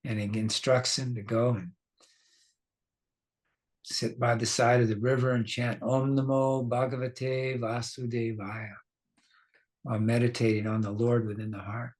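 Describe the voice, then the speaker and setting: A man's voice: medium pitch, flat delivery, a little slow, pauses often, darkish tone. A man teaching a scripture class, telling the story casually, laughing now and then and quizzing his listeners.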